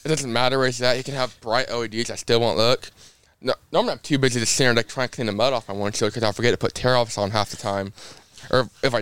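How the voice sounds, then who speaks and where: A young man from Indiana telling racing stories in a casual podcast chat, acting out every quote as he goes. His voice is smooth and clean, at a middle pitch. The recording is dry and close. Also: fast talker, no echo. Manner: lively storyteller who acts out quotes. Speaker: race car driver, podcast guest.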